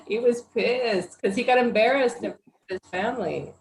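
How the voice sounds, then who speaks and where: A woman's voice: fairly high pitch, normal speed, vocal fry. Woman telling an anecdote in an echoey room. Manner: relaxed anecdotal storytelling. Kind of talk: casual chat. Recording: echoey room with faint noise.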